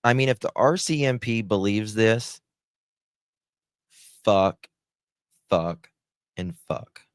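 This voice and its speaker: A man's voice: lowish voice, lively intonation, slow pace, no room sound, clean studio sound. A man giving angry, profane, sarcastic commentary on case documents as a true crime host.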